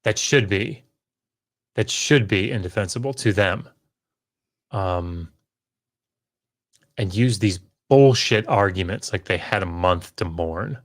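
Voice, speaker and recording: Deep-voiced and slow, this podcast co-host pauses often while airing his frustration in a heated casual discussion. His tone is emphatic and exasperated, with sighs and repeated words.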